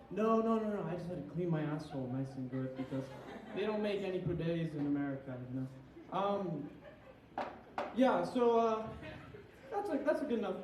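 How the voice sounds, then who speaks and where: A young man, a little tipsy, runs through a crude, rambling, self-deprecating stand-up set at a small venue. His voice sits high with the highs cut off, and he's heard from a distance in an echoey room.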